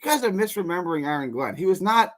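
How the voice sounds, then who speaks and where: Male caller with a high, lively voice, talks fast and rambles a bit. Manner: apologetic, animated, rambling. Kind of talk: call-in chat.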